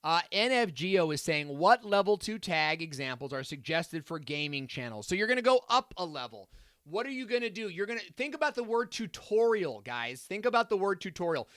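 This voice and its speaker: Bright, chatty man hosting a live stream. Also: high voice, no echo, studio quality. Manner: upbeat, chatty, many fillers and asides. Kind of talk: live-stream Q&A, reading viewer comments.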